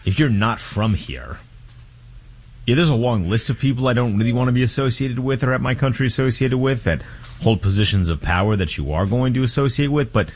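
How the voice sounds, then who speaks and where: A man co-hosting sports talk radio, laid-back, answering in measured replies. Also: mid-range voice. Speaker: radio co-host.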